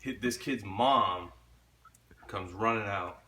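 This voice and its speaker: Young dude rambling a story, low-ish bright voice, cusses a lot, laughs along. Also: male voice, slow pace, a little hiss or hum. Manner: laid-back, swears often, laughs through the story. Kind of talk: casual chat.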